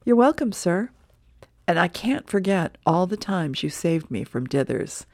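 A woman's voice: lowish voice, sing-song, measured pace, a little mellow, dry recording, full character voice. A woman voicing a polite female office assistant with a dutiful, dry delivery, read from a newspaper comic strip.

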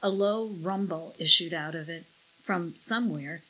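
A woman narrating a science-fiction story in measured audiobook style. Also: on the low side, bright, forceful tone, breathy edge, low-quality recording.

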